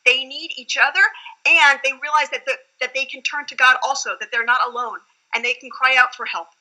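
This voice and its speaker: A woman's voice: sits high, steady tone, a little fast, bright, forceful tone, low-quality recording. A woman rabbi explaining scripture in an earnest, reflective teaching tone during a study conversation.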